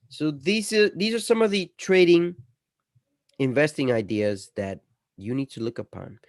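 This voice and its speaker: A man talks casually through his own screen as an investing channel host, at an everyday middle pitch. He leans hard on some words and lets others fall away quiet. The sound is close and dry, with no room around it. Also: no echo. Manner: chatty, swings between loud emphasis and dropping quiet. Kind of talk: casual screen-share commentary.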